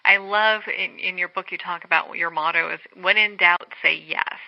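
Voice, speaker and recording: A woman's voice: fairly low pitch, fairly even intonation, moderate pace, creaky, no echo. A woman hosting an interview in a chatty way, with frequent fillers. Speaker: host. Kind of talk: casual interview chat. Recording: dull lo-fi radio recording.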